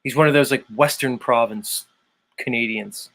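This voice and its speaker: A man's voice: medium pitch, moderate pace, fairly bright tone. Man, show host, casual chat, rambling, opinionated, lots of fillers.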